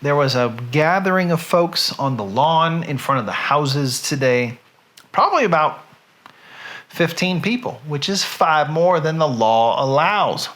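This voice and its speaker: A middle-aged man with a Southern US accent, hosting from home, reading a poem slowly with drawn-out line endings and then chatting casually. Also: a little high, expressive, a bit bright. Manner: slow, drawn-out recital with falling line ends. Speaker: host. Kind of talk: dramatic poetry reading, then casual chat.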